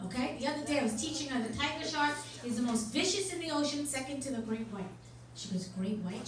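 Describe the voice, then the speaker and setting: A middle-aged woman doing a stand-up comedy set on a club stage, with a deadpan, brash and profane delivery. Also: fairly high pitch, a little fast. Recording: echoey club from far off with loud noise.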